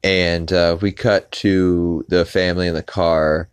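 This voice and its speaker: Brief: deep-voiced male podcast host, rambling casual recap, dry recording. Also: flat delivery, unhurried, clean tone, dry recording. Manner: rambling with many filler "uh"s.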